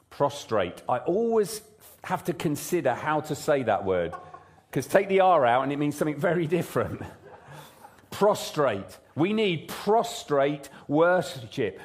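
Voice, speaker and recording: A man preaching a sermon in a church service, praying and then talking in a lively, conversational way full of rhetorical questions. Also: high voice. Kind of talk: sermon with prayer. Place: church service, also streamed online.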